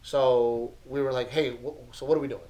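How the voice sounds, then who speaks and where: A man's voice: medium pitch, fairly even intonation, moderate pace, dark tone, low-quality recording. A man in his thirties, a podcast co-host, telling family stories in a casual chat, laughing often and acting out his son's lines.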